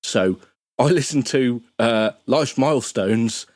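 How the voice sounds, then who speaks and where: A man's voice: mid-range voice, lively intonation, slow pace, darkish tone, no room sound. A man chatting as a guest on a podcast, rambling and restarting his sentences. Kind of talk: casual podcast chat.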